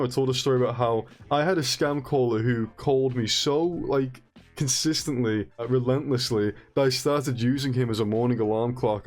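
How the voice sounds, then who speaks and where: A man streamer telling a story casually, rambling and animated, with frequent restarts and swearing. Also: medium pitch.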